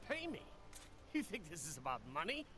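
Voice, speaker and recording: An actor playing a grumpy, suspicious male farmer who talks in a gruff, exasperated rural drawl. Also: high voice, wildly swooping pitch, fairly quick, background noise.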